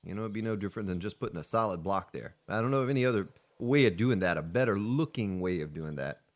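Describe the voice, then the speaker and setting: A man's voice: on the low side, lively intonation, fast talker. A man hosting a let's play, chatting casually in a folksy, playful way while he plays. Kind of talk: casual gameplay commentary.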